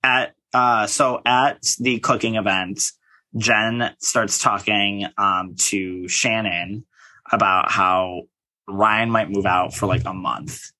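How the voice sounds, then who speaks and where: A man's voice: on the low side, steady tone, slow pace, sharp tone, no echo. A man co-hosting a casual gossip podcast, chatty and campy, full of 'like' and slang. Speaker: podcast co-host.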